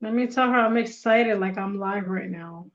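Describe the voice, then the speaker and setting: A woman hosting a casual live stream, excitable and quick to laugh, flustered as she works out the tech on her tablet. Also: mid-range voice, lo-fi sound. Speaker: livestream host.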